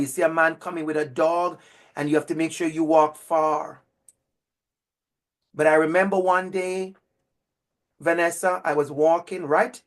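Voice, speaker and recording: A man giving a lively storytelling talk to future educators. He repeats his phrases and speaks to listeners by name. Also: a little high. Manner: animated, repetitive, speaks directly to listeners by name.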